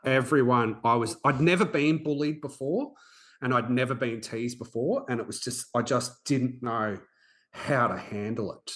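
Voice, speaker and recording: Man in his forties, podcast host, earnest personal storyteller, halting delivery, average pitch. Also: fairly bright tone. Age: 40s. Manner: earnest, halting, with frequent restarts.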